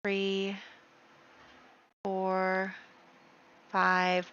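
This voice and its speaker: A woman hosting a casual gameplay video, excitable and full of exclamations as she talks to her viewers. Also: mid-range voice, very slow, long pauses, clear, resonant tone, no room sound, muffled recording. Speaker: let's play host.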